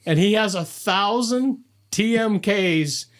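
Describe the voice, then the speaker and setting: A man's voice: high voice, slow. A middle-aged man, a podcast guest, telling casual stories with laughs and many restarts. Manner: animated, laughs mid-story, frequent restarts.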